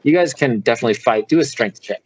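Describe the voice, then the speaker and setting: A man running a tabletop role-playing game, easygoing and halting, often stopping on "um" and "like." His voice is mid-pitched and comes through a slightly dull, lo-fi line. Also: animated, background noise. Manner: casual, hesitant with fillers. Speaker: game master.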